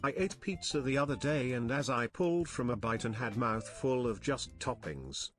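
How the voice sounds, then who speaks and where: A synthetic male text-to-speech voice reading out chat donation messages in a flat, even delivery. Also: medium pitch, moderate pace, over music.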